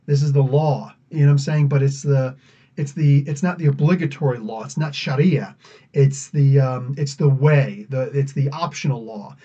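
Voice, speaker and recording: A man's voice: mid-range voice, normal speed, mellow, husky. A man from the United States hosting a podcast, chatting casually in a rambling way and laughing often. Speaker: podcast host. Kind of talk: casual live Q&A chat. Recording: dull lo-fi audio.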